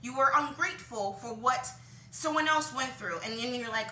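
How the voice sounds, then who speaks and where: Rambling woman with a bright, roomy sound. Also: on the high side, normal speed, slight background noise. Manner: rambling, frequent ums, laughs at herself. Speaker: vlogger. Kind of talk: casual opinion monologue. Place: home room with laundry behind her. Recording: roomy, distant from the mic.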